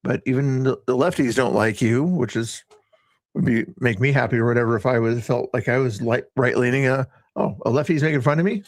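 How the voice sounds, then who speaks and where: A man's voice: mid-range voice, fairly quick, no echo. A man hosting a casual livestream, rambling and often breaking off mid-sentence. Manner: rambling, self-interrupting. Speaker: livestream host.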